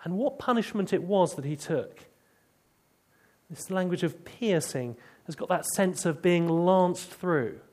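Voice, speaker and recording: A man preaching a sermon, telling stories and dropping to hushed tones to drive points home. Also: sits high, animated, a little slow.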